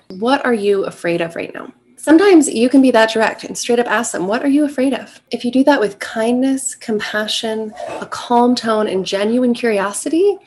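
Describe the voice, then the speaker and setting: A woman's voice: fairly high pitch, a little mellow. A middle-aged woman, a relationship coach, giving earnest, encouraging advice straight to the viewer. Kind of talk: direct-to-camera advice talk.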